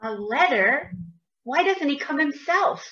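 A woman's voice: sits high, animated, a little slow, bright, forceful tone, exaggerated voice. A woman playing a grumpy former poor man who complains sarcastically, recorded lo-fi with echo. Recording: lo-fi, echoey.

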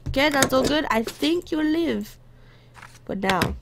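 A woman's voice: high voice, expressive, unhurried, background noise. A woman casually commenting on her gameplay, talking to the characters and slipping into playful put-on accents. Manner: talks to game characters as a border guard. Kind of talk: casual let's play commentary.

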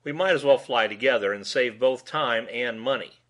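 Man doing a young woman, pseudo-petulant, sharp-tongued, bright voice, storybook reading. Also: mid-range voice, moderate pace, natural voice.

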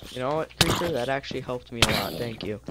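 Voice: medium pitch, expressive, fast. A friend on a voice call during a video game, teasing and laughing a lot. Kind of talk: casual gaming chat. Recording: noisy voice-call mic.

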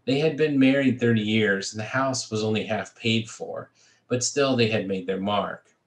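A creative writing faculty member reads his own fiction aloud, steady and measured, occasionally restarting a phrase. His low voice echoes clearly around the room.

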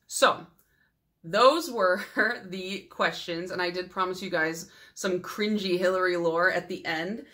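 A young adult woman vlogging about her nail polish collection in a casual, rambling chat full of fillers and sentimental asides. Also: mid-range voice. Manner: chatty and rambling, many fillers; warm, sentimental storytelling.

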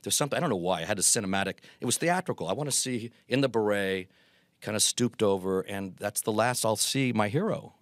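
A middle-aged man with a low, deep voice spins anecdotes as an interview guest. He acts out the quotes with lively energy. The sound is dry and close. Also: fast, dry recording. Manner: animated anecdotes with acted quotes. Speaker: guest, Groucho performer. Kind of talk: storytelling interview.

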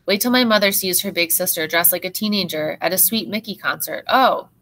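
A woman teacher reads a novel aloud to her class in steady, expressive first-person narration. Her voice is set on the low side but sounds bright and crisp. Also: brisk.

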